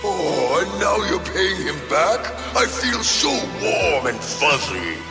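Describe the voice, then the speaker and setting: An actor playing a cruel, mocking demon villain in an English anime dub, heard as a film clip over the score. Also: male voice, high-pitched, very animated, slow, creaky, long reverb tail, music in the background, heavily acted. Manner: mocking, sarcastic. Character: gloating demon villain, adult male, cruel.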